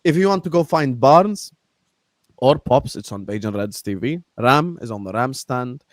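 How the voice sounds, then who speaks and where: A young man hosting a casual livestream chat, animated and laughing often, using street slang. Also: medium pitch, normal speed, dry recording. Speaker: host.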